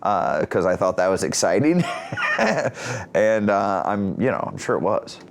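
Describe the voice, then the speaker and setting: Animated comedian man telling a story. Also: sits low, measured pace, a little hiss or hum. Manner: energetic, acts out characters. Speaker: comedian guest.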